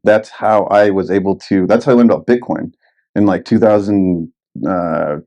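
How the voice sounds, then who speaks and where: A man's voice: sits low, normal speed, warm tone. A young man telling rambling, expletive-laden stories in a casual podcast chat. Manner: rambling anecdotes, heavy swearing.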